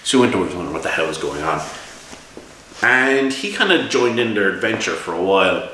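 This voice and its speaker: Irish man, low voice with a bright edge, rambling game review, echoey room, distant mic. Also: animated, a little fast, a little hiss or hum. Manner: rambling, exasperated storytelling with many restarts. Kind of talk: casual spoken review.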